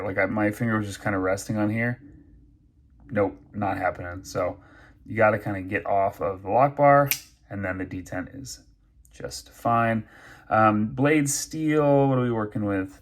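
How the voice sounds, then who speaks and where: A man's voice: on the low side, moderate pace. A man reviewing knives and pens in a casual unboxing, chatty and thinking aloud with many fillers. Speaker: knife and pen reviewer.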